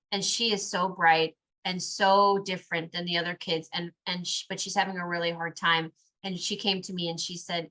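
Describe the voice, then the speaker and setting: A woman hosting a podcast, talking earnestly in casual conversation and turning animated when she quotes children. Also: fairly low pitch. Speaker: podcast host.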